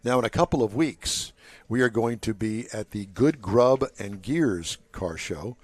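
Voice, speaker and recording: A man's voice: lowish voice, lively intonation, unhurried, a little mellow, dry recording. A man in his sixties hosting a casual live show at an outdoor car show, joking and rambling between announcements. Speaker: show host.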